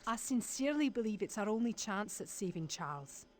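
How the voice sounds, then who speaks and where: A woman's voice: mid-range voice, animated, a little fast, darkish tone, no echo, lightly acted. An actress playing a kindly, motherly woman scientist with a broad Scottish accent in a video game. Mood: grateful.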